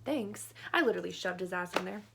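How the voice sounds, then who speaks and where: A woman's voice: on the high side, expressive, measured pace, background noise. A young adult woman telling a story on her vlog in a chatty, filler-heavy way, often breaking into laughter. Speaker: vlogger.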